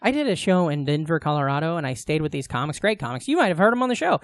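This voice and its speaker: Rambling profane podcast host. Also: male voice, on the high side, very animated, rapid-fire, no echo. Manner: rambling, profane, many fillers. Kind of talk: casual banter. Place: small comedy radio studio.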